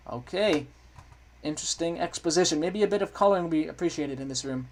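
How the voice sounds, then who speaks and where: A man with a fairly high voice talks through a game as he plays, chatty and easily excited. He restarts sentences often and thinks out loud in a loose, let's play way. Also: fast talker. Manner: chatty, self-correcting, excitable. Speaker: gaming video creator.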